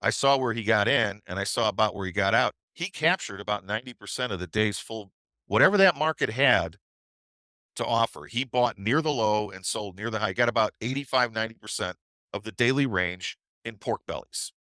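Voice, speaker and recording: A middle-aged man tells a trading story on a webinar in a loose, conversational way and often checks in with "right?". His voice is low and forceful. The sound is dry and close. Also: a little fast, no echo. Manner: conversational, with tag questions. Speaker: trading educator.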